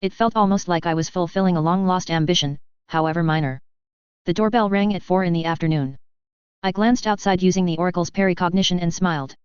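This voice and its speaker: A woman narrating a first-person story in a steady, even reading voice. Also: fairly low pitch, quick pace, clean tone, dry recording. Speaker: fan fiction reader. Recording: dry, slightly dull lo-fi recording.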